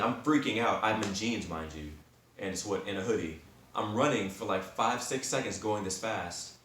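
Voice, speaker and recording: A man in his twenties hosting a podcast, telling a story in a casual, animated way, with slang and frequent laughter, talking straight to his listeners. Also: low-pitched, slight background noise. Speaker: podcast host. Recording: roomy sound from a distant mic.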